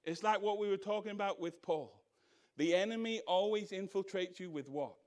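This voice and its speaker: A man teaching a Bible study as pastor, animated, asking rhetorical questions and mimicking other voices. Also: high voice, moderate pace. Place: church.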